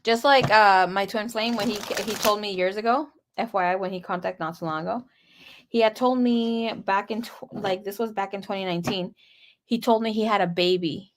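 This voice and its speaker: A woman's voice: medium pitch, normal speed, slight background noise. Candid, profane young woman storyteller. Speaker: tarot reader. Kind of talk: casual personal storytelling.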